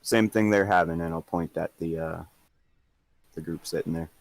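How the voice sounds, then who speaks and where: A man playing a tabletop game, speaking in a low-key, quiet way. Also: steady tone, moderate pace, gravelly. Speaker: player. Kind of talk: tabletop role-play.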